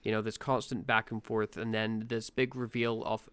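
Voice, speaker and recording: Dry, smooth-voiced man chatting casually. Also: on the low side, moderate pace, few pauses, no echo. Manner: relaxed, swears freely, frequent fillers. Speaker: podcast co-host. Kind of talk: casual review chat.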